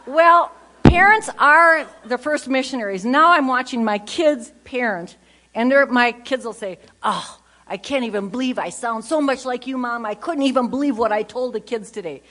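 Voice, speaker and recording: An older woman giving a humorous faith talk at a conference, an animated storyteller who jumps between loud bursts and low asides. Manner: animated storyteller, quick jokes, voices her kids and others. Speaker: conference speaker.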